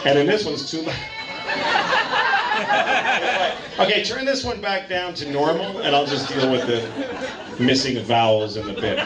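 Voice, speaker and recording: A man doing a stand-up set at a comedy club stage, telling crude bits in a halting, deadpan way full of fillers, into a handheld mic. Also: a little high, loud music behind the voice. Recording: roomy club, loud laughing crowd. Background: laughing audience.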